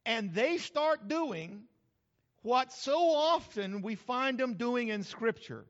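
Male pastor, folksy humorous sermon, fairly high voice, slightly dull sound, big reverberant hall. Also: slow. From New Mexico. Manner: folksy, humorous, animated storytelling.

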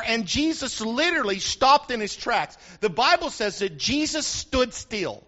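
Male pastor, very high bright voice, fervent sermon delivery, dull lo-fi recording. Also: big pitch swings, moderate pace, hardly any pauses. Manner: fervent preaching, asking the congregation for response. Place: church.

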